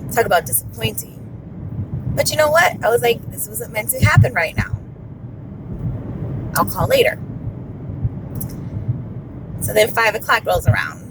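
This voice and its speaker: A woman in her thirties telling a personal story to camera, candid and expressive, repeating words for emphasis. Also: medium pitch, background noise. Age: 30s. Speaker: vlogger.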